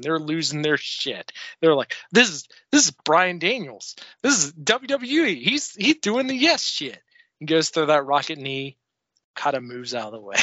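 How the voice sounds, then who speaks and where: An excitable man co-hosting a podcast, swearing freely and laughing as he gushes. His voice is bright and forceful. The sound is dull and dry, close on the mic. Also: on the high side, no room sound. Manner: excitable, profane, laughing often. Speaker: podcast co-host. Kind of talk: casual wrestling review chat.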